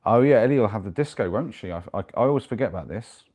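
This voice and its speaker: Low-voiced man chatting on stream. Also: lively intonation, fast, darkish tone. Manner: chatty, reads out and answers viewer messages. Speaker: live streamer. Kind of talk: casual live stream chat. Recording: noisy with clicks.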